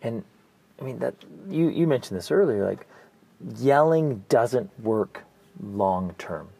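A man hosting a casual podcast as a family coach, telling stories earnestly and sinking to soft, near-whispered emphasis on key points. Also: mid-range voice, expressive, slow, vocal fry, husky, dry recording.

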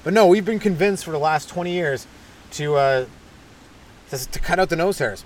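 A male comedian tells rambling, self-deprecating stories in a loose stand-up style. His voice sits a little high for a man and keeps jumping around with hyperactive energy. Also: normal speed. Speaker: stand-up comedian and podcast host. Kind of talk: stand-up style comic monologue.

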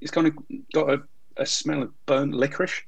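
A man co-hosting a casual chat show, describing a beer with dry, wry humor and a measured delivery. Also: a little high, little pitch movement, creaky, dry recording, rough recording. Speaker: podcast co-host.

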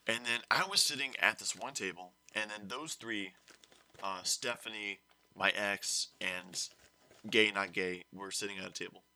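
A man's voice: fairly low pitch, normal speed. A young man casually telling a story on a podcast, rambling and correcting himself as he goes. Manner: rambling, self-correcting, animated retelling.

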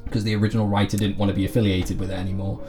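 A man's voice: fairly low pitch, flat delivery, rapid-fire, music in the background. A man co-hosting a casual film review podcast, rambling with lots of restarts and repeated words. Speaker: podcast co-host.

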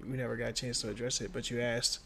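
A man with a mid-pitched voice co-hosts a casual podcast. He teases his partner, laughs easily, and swears freely in relaxed banter. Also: fast talker, vocal fry, slightly rough. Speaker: podcast co-host. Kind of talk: casual chat.

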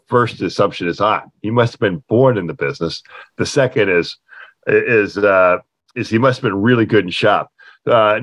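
Middle-aged man, low voice, podcast guest; rambling anecdotal delivery with lots of fillers, dry close recording. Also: a bit bright, dry recording. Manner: halting, many fillers and restarts, acts out quoted voices in a higher pitch. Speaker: furniture company owner, guest. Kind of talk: anecdotal storytelling in an interview.

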